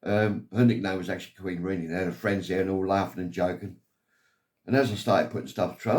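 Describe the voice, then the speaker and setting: A man's voice: low-pitched, quick pace, a little mellow. An older man from England telling a long personal story in a meandering, aggrieved way. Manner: meandering, aggrieved, keeps saying "anyway". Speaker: vlogger telling his life story.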